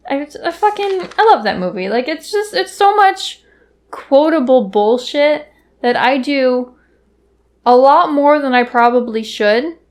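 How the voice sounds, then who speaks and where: A woman's voice: high-pitched, lively intonation, unhurried. Young woman cohost, casual chat, cusses a ton, quotes movies. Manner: swears often, quotes movie lines in silly voices. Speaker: podcast co-host.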